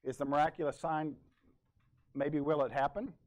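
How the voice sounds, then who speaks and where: A man's voice: fairly high pitch, fairly even intonation, moderate pace, darkish tone. Conversational male pastor preaching a sermon. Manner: conversational, asks the congregation questions; loose, with fillers and asides.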